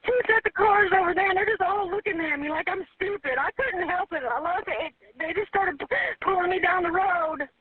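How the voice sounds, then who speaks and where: Terrified woman begging for help on a 911 call, very high voice, tinny phone sound. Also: a little fast, hardly any pauses, no room sound. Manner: pleading, repeats herself, says ma'am. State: panicked, crying. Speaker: 911 caller. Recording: tinny phone line recording.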